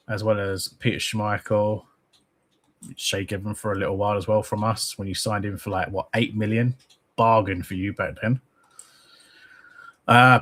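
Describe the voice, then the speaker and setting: A man's voice: mid-range voice, fairly bright tone. Rambling man hosting a football stream. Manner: rambling, reads viewer comments aloud. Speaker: host of a football fan channel. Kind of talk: casual live-stream chat.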